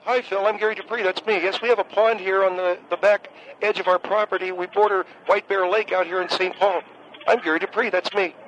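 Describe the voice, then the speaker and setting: A man voicing an awkward, obsessive male caller on a comedic radio call-in sketch, who talks in a monotone and keeps repeating the same catchphrase. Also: high voice, brisk, dull audio, pitched above the performer's own voice. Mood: droning.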